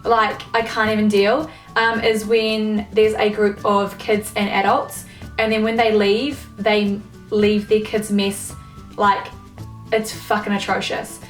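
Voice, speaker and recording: A woman's voice: mid-range voice, monotone, slow pace, soft background music. A young woman, ranting casually to camera, swearing often and leaning on fillers. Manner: swears a lot, filler-heavy, exasperated. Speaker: vlogger. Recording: echoey room, mic at a distance.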